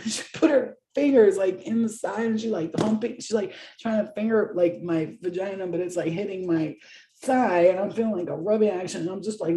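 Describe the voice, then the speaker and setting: A young woman tells profane, rambling stories, laughing often. Her voice is mellow and dark-toned. It rings in a roomy space with a noticeable echo. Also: mid-range voice, moderate pace, slight background noise. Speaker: vlogger. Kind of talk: casual storytelling.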